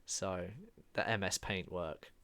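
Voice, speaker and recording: A man with a low, smooth, resonant voice hosts a laid-back music podcast. He talks in casual chat, slipping in dry jokes between frequent "uh"s. The sound is close and dry. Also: fairly even intonation, slow pace, pushed and bright, no room sound. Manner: dry jokey asides, frequent "uh" hesitations. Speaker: podcast host.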